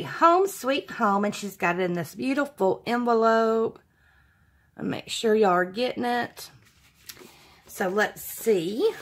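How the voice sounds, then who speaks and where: This is a woman who hosts her own craft channel and talks to her viewers in a relaxed, unhurried way. She gushes and exclaims over each item she unboxes, with her voice sitting at an ordinary pitch for a woman. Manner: gushing, exclaiming often. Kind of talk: casual unboxing vlog.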